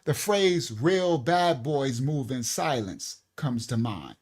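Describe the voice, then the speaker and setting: A man's voice: mid-range voice, big pitch swings, takes it slowly, a little mellow, breathy edge. A man hosting a ministry show, giving casual preaching-style commentary in loose street talk, emphatic and full of check-ins with his listeners. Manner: emphatic, repeats himself, keeps checking in with listeners. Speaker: ministry host.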